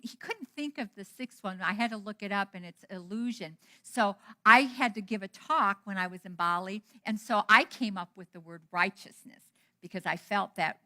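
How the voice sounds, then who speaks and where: A middle-aged woman minister giving a storytelling sermon, animated and acting out the dialogue she quotes. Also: mid-range voice. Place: church hall.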